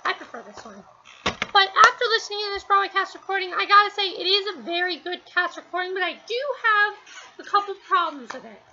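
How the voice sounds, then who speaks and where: A woman's voice: very high-pitched, lively intonation, a little fast, sharp tone, dull audio, slight background noise. A woman from New Jersey chatting casually in a review, rambling and hesitant with lots of fillers.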